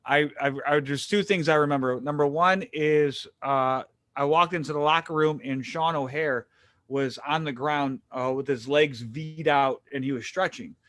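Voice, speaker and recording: Excitable man telling stories. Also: fairly high pitch, normal speed, no room sound, studio quality. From Detroit area, USA. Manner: animated, excited, frequent stammered restarts. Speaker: interview guest. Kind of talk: casual storytelling.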